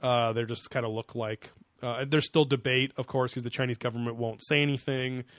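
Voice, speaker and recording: A man's voice: medium pitch, steady tone, fairly quick, dry recording, clean studio sound. A man co-hosting a podcast, mocking a TV show in a sarcastic, profane, rambling way. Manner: sarcastic and profane, with many fillers. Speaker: podcast co-host. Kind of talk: casual chat reviewing a TV show.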